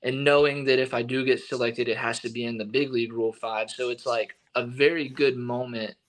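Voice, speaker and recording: A young man from Texas, a baseball pitcher, telling stories in a casual interview and acting out what others said. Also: a little fast. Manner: animated storyteller, acting out quotes.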